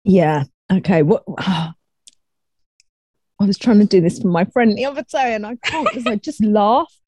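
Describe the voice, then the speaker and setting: A woman, a guest chatting casually on a video call, soft and easily amused. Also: medium pitch, moderate pace, no room sound.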